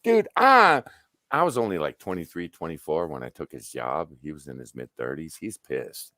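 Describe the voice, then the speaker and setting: This stream guest speaks in an extremely deep voice, a little on the fast side, casually spinning stories. Swearing freely, he animatedly performs the quoted dialogue himself. The sound is studio quality with no room tone.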